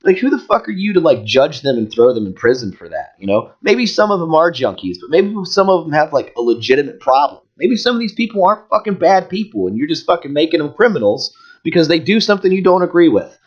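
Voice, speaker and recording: A man's voice: fairly high pitch, fast talker, muffled recording. A man co-hosting a podcast, telling a story in casual chat, swearing constantly and working himself up. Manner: profane, heated, animated storytelling. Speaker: podcast co-host.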